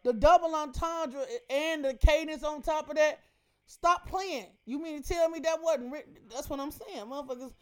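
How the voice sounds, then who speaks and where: A woman's voice: high-pitched, moderate pace, darkish tone. A woman hosting a radio show, breaking down a rap verse in emphatic, profane casual commentary full of rhetorical questions.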